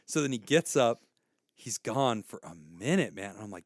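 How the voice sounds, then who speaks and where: A middle-aged man and podcast co-host, telling an animated, profane story and acting out the people in it. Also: fairly low pitch, brisk, no room sound, clean studio sound. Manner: profane, ranting, acts out quoted people. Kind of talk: casual chat, animated storytelling.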